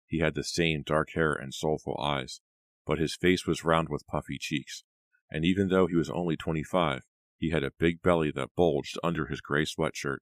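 A man narrating an audiobook in a steady, even reading. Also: rumbling low, normal speed, no echo, clean studio sound. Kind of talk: scripted narration.

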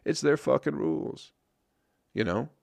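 Gravelly profane podcast host rambling. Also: male voice, fairly high pitch, lively intonation, measured pace, a little mellow, no echo. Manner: rambling, profane, wry and self-mocking. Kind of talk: casual solo podcast rant.

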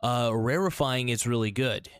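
A man's voice: mid-range voice, normal speed, clear, resonant tone, dry recording, studio quality. A man hosting a casual solo podcast, rambling with many fillers and restarts. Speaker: podcast host.

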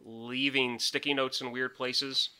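A man's voice: mid-range voice, little pitch movement, measured pace, pushed and bright, smooth. A married man co-hosting a podcast, rambling casually and laughing often. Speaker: podcast co-host. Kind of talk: casual chat.

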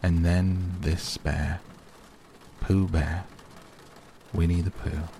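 Calm bedtime storyteller, man, low and gravelly, soft rain under it. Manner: slow, soothing reading. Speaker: audiobook narrator. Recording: faint rain noise behind.

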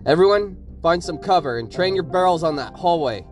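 A soldier leading his squad, voiced by a man, barks orders urgently and a little high-pitched. He sounds loud and driven. This is a squad leader in an audio story. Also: lively intonation, brisk, soft background music, lightly acted. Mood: urgent command.

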